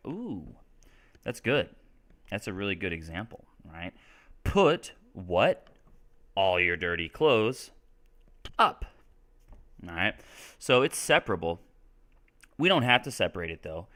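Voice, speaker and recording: A man from Texas runs a live-stream English lesson in a casual, chatty way. His voice sits a little low but has a bright, forward edge. He keeps checking in with his viewers as he explains. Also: sing-song, takes it slowly, long pauses. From Texas, United States. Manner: casual, chatty explaining with frequent "right?" and "all right?". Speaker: English teacher.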